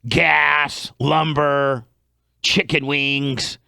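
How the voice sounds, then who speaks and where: A man hosting a talk radio show, loud and joking, with crude asides and a lot of restarts. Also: fairly high pitch, level tone, very slow, creaky, a little hiss or hum. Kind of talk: casual talk radio banter.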